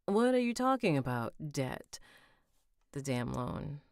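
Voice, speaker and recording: A woman's voice: low-pitched, very animated, takes it slowly, dry recording, clean studio sound, exaggerated voice. A woman voicing a snobby, nervous young man who leans on his charm, in an audiobook reading.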